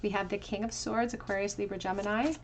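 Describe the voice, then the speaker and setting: A woman gives a pick-a-card tarot reading fast, in a steady, mid-range voice against a noisy background. She muses over every card, working through meanings with soft, casual fillers.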